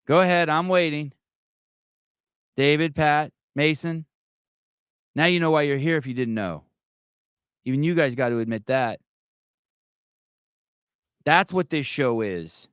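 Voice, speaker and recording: A man's voice: fairly high pitch, unhurried, pauses often, a bit bright, smooth, dry recording, clean studio sound. A middle-aged man hosting a live call-in podcast, brash, mocking and profane in casual chat. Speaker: podcast host.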